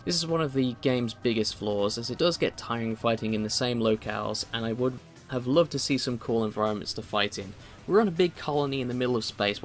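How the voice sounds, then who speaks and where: Male reviewer for a voice-over, mid-pitched, dry quips in a scripted read, faint music underneath. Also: a bit bright. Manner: wry, opinionated asides. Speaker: video game reviewer.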